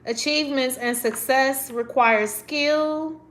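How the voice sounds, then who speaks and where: A woman's voice: sits high, slow, fairly bright tone. A woman reading tarot cards on a livestream, talking effusively and getting emotional. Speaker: tarot reader.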